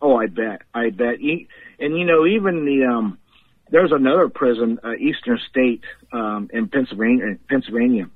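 A man's voice: medium pitch, normal speed, dry recording. A man calling in as a guest, telling rambling stories and laughing often between them. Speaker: guest paranormal investigator. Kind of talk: casual storytelling on a podcast. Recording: tinny phone line.

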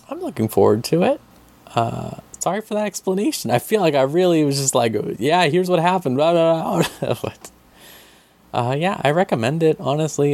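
A man's voice: on the high side, creaky, darkish tone, no echo. A young man in casual chat, rambling with lots of fillers and frequent swearing as he recaps a show.

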